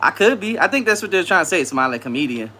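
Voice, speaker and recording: A fast-talking man hosts a live stream, bantering casually with chat in slang and laughing frequently. His voice is bright and fairly high for a man, with wide pitch swings line to line, and there's slight background noise.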